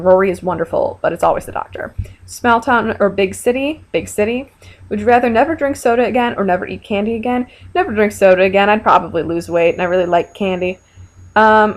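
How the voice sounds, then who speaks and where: Chatty young woman vlogger. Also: mid-range voice. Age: young adult. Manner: chatty, frank and playful, with many fillers. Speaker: vlogger answering viewer questions. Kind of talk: casual chat.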